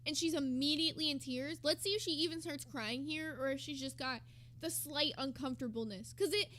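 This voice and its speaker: A woman streamer with a high, pushed, bright voice talks a little fast, offering gossipy, sarcastic casual commentary as she reacts to another stream.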